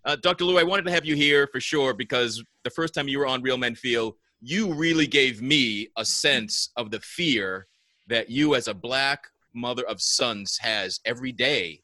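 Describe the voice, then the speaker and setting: A male podcast host talks in a casual, candid way, now and then swearing and circling back to restart his questions. His voice is bright and forceful, recorded dry and close with little room sound. He sounds conversational and direct. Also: medium pitch, moderate pace, no room sound.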